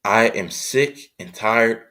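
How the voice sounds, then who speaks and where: A man's voice: lowish voice, takes it slowly, pushed and bright. A man hosting a sports show, ranting as a frustrated fan, repeating his points with heavy emphasis. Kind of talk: fan commentary rant.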